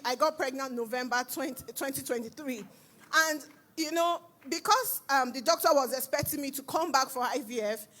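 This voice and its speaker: A high-voiced woman with a Nigerian accent gives a testimony at a church service. She tells her story with lively storytelling energy and acts out the voices of the people she quotes. Her delivery stays personal and conversational, not preached. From Nigeria, Edo. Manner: animated storytelling, acting out dialogue. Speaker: church member giving testimony.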